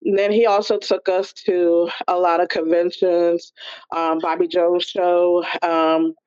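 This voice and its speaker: A woman, a gospel singer and actress, telling her story in a chatty, animated way over a remote call. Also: lowish voice, unhurried, smooth. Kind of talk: casual storytelling interview. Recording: muffled remote call audio.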